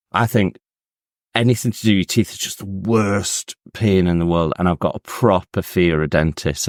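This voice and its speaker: A man co-hosting a podcast, blunt and teasing, swearing casually in relaxed chat. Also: low-pitched, dry recording, studio quality. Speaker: podcast co-host.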